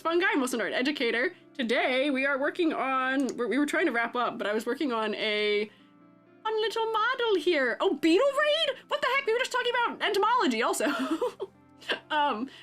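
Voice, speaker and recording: A woman chatting casually on a livestream while she draws, a freelance artist and art educator, bubbly and quick to giggle. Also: fairly high pitch, a bit bright.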